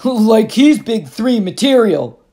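A woman narrator gives a husky, mean-spirited teenage girl a slow, sneering drawl in an audiobook. She drags out her insults and sounds ready for a fight. The voice sits a touch back from the microphone. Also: a little high, very animated, mellow, voice pushed up, heavily acted. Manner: sneering, drawn-out taunts.

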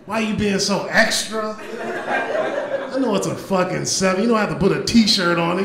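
A man doing a loud, animated stand-up comedy set in a club, with profanity and crowd work. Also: sits high, normal speed, creaky, heavy background noise. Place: comedy club stage before a live audience. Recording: echoey club with audience laughter.

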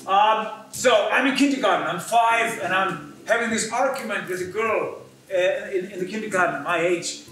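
A high, bright-toned man with an Icelandic accent recounts his own story on stage in an earnest, confessional way. His voice rings through a large echoey theatre and is caught from some distance away, with hall sound all around it. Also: normal speed. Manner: earnest, confessional, breaks into brief laughs. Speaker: community theatre performer.

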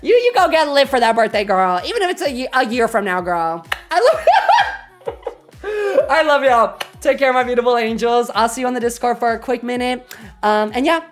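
A woman livestreamer rambling energetically through a casual sign-off, her voice a little croaky. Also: a little high, big pitch swings, normal speed, soft background music. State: slightly croaky. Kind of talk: casual stream sign-off chat.

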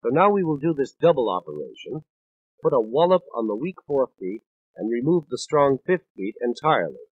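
A man's voice: medium pitch, sing-song, brisk, dry recording, narrow, tinny audio. A man in his thirties giving a scripted spoken lecture on music for a 1950s studio record, explaining patiently and counting out beats in rhythm. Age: 30s.

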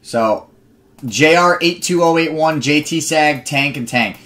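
A man's voice: on the high side, a little slow, bright, forceful tone. A young man hosting a live card break stream, chatting with viewers and rambling into stories between picks.

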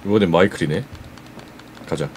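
Male streamer, rapid casual commentary, lowish lively voice. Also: slight background noise. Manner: chatty, talking to viewers. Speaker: game streamer.

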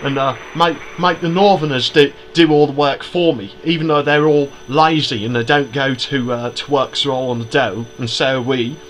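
A man's voice: medium pitch, steady tone, moderate pace, hardly any pauses, a bit bright, a little hiss or hum. Crude rambling man from Hull. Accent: Hull, Yorkshire. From Hull, England. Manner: crude, profane, rambling and laughing. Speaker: let's play host. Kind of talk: casual gameplay commentary. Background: game music.

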